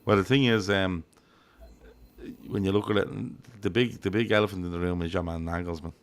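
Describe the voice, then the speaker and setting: Irish male podcast host, low gravelly voice, rambling, sweary, chatty football talk. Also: fairly even intonation, normal speed. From Ireland. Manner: rambling, swears freely, acts out quotes. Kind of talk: casual football chat.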